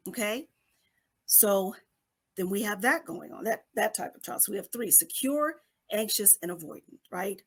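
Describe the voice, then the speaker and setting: A woman's voice: medium pitch, animated, normal speed, breathy edge. A middle-aged woman on a podcast explaining a psychology topic in a conversational way, often checking in with "okay?" and acting out little scenes. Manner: acts out babies and parents in quoted voices.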